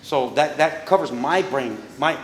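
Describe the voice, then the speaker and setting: A man's voice: fairly high pitch, unhurried, noisy background. A man working as a boxing trainer, talking bluntly and with plenty of profanity as he coaches in a boxing gym. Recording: echoey hall with long reverb.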